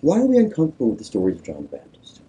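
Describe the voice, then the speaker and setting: Male pastor, husky dark voice, lively swooping delivery, leads a group sermon. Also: medium pitch, racing, rough recording. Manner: animated, coaxing, rises to emphatic peaks. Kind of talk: conversational sermon with group discussion.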